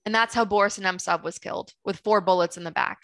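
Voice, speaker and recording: A woman's voice: mid-range voice, steady tone, fast talker, fairly bright tone, no room sound, poor audio. An American woman, a screenwriter, speaking passionately on a video call, often restarting her sentences. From United States. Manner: passionate, storytelling with many restarts. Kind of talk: webinar talk.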